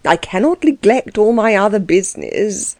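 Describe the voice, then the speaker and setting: A woman's voice: mid-range voice, lively intonation, normal speed, darkish tone, no room sound, lightly acted. A woman reading the part of an insolent male lawyer, speaking curtly and offhandedly, in a dry recording. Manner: curt and offhand.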